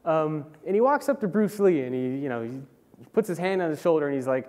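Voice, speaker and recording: A young man gives a casual talk at a conference, his voice sitting slightly high. He is animated and keeps stopping to restart with fillers. The sound carries a long reverb from a large hall. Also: fairly quick. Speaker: conference speaker. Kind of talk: conference presentation.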